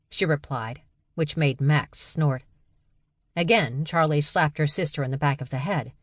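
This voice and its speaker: Casting: female audiobook narrator, low voice, dry booth sound, wry delivery. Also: measured pace, dry recording. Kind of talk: scripted narration.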